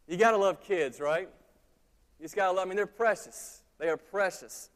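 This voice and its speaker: A man in his thirties delivers a sermon to his church, his voice sitting notably high. He tells stories in a chatty, animated way and keeps turning to the congregation with asides. The sound carries a long reverb from the church hall. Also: normal speed. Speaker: pastor. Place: church sanctuary.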